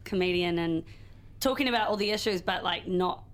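Playful woman with quick interjections. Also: fairly low pitch. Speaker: podcast panelist. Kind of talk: casual chat.

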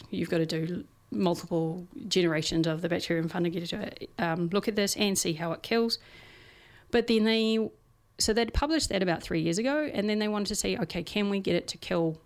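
A woman co-hosting a casual science podcast, explaining research in a chatty way with everyday examples and frequent fillers. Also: lowish voice.

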